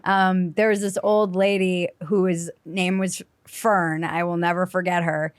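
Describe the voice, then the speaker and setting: A middle-aged woman hosting a podcast, telling stories in a casual, animated way and acting out the people in them. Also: lowish voice, unhurried, no room sound, studio quality. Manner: animated storyteller, acts out voices. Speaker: podcast host. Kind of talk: casual storytelling chat.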